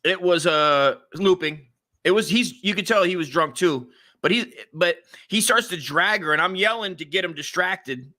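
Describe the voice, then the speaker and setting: A bright, high-pitched man spins a rambling comedy-podcast story, stumbling and restarting as he goes. He jumps into quoted voices along the way. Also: moderate pace. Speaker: podcast co-host.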